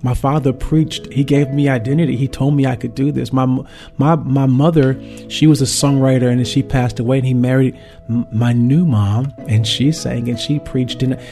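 Warm-voiced man sharing a heartfelt testimony. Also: mid-range voice, fairly even intonation, moderate pace, creaky, faint music behind. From St. Louis, Missouri, USA. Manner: earnest, heartfelt storytelling with frequent ums. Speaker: worship leader. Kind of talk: personal faith testimony.

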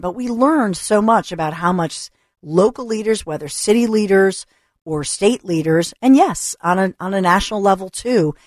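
Woman, radio host, chatty, reassuring, low-ish voice, dry studio sound. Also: dry recording. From Philadelphia area. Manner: chatty, reassuring, restarts often. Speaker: radio talk show host. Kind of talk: casual talk radio monologue. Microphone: studio microphone.

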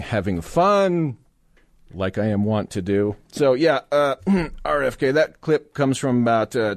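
A man's voice: medium pitch, darkish tone, dry recording. Male talk radio host, sarcastic monologue, dry studio sound, plain middle voice. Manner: sarcastic, mocking, mimics voices.

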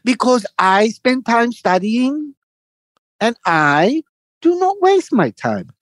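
Man doing a high, slow, loud, scolding older immigrant, Chinese accent, pedantic. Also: very animated, no echo, exaggerated voice. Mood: boastful. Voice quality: clipped, lecturing, drawn-out words. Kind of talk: comic impression in casual chat.

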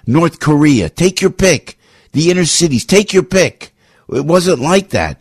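A man's voice: fairly high pitch, expressive, measured pace, breathy edge, dry recording, clean studio sound. A man hosting a radio talk show, delivering a fired-up political commentary monologue and repeating his phrases as he rants.

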